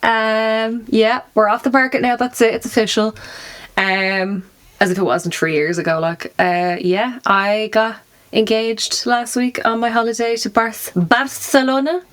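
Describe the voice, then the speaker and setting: A woman's voice: on the high side, steady tone, a little slow, fairly bright tone. A young adult woman co-hosting a podcast, chatting casually, giggly and full of fillers. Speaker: podcast co-host. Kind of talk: casual chat.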